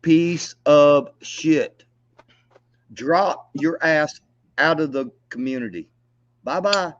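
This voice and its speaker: A man's voice: on the high side, takes it slowly, muffled recording. A man, angrily ranting and taunting with profanity on a livestream. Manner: angry, profane, taunting, laughs mockingly. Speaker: livestream co-host. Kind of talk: heated livestream rant.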